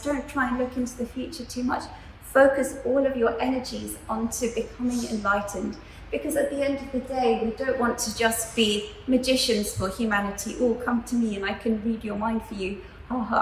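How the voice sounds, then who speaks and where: A woman teaching a class on spiritual philosophy, talking in a gentle, earnest way with fillers as she tells a story. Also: fairly high pitch. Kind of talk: spiritual lecture to students. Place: school room. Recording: echoey room, faint background noise.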